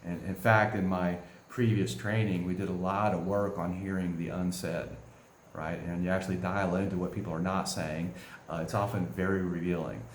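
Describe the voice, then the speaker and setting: Man, very low voice, coaching talk, conversational, roomy echo, faint background hum. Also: flat delivery, moderate pace. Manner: conversational, keeps asking "right?". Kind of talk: spoken teaching talk.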